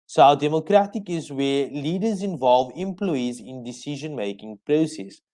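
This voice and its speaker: A man from South Africa teaching an exam revision lesson on the radio, explaining slowly point by point so students can take notes. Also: a little high, expressive, dark tone, rough recording.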